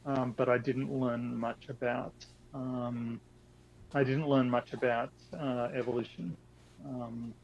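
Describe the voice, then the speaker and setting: A man co-hosting a casual podcast chat, talking in a halting way with many fillers and restarts. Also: medium pitch, level tone, gravelly. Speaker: podcast co-host. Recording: dull lo-fi audio with faint noise.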